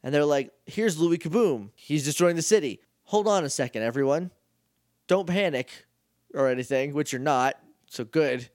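A man's voice: a little high, animated, normal speed, dry recording, clean studio sound. A man co-hosting a casual podcast, recapping an episode in a chatty, jokey way and acting out lines. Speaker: podcast co-host.

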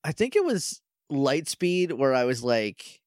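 A man's voice: medium pitch, very animated, unhurried, darkish tone, dry recording. A man chatting on a podcast, jokey and loose as he walks through scenes and slips into quoted lines. His voice sits in a middling range and comes across close and dry, with no room sound. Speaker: podcast co-host. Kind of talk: casual recap chat.

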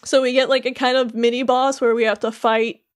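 A woman's voice: a little high, flat delivery, fairly quick, clear, resonant tone. A woman co-hosting a podcast, casually recapping a video game and saying "like" constantly. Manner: rambling, fills with "like" constantly. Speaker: podcast co-host.

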